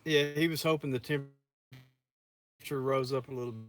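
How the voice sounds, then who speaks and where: A man's voice: medium pitch, fairly even intonation, a little fast, a bit bright. A man keeps an easygoing chat going. He talks with viewers and laughs often. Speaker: farm co-host reading live comments. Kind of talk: casual chat.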